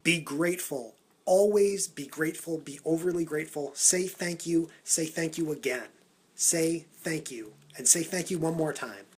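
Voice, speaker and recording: A man vlogging for social media, talking in an energetic, punchy countdown style into a phone held at arm's length. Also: on the high side, normal speed, slightly rough. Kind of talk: upbeat Snapchat vlog talk.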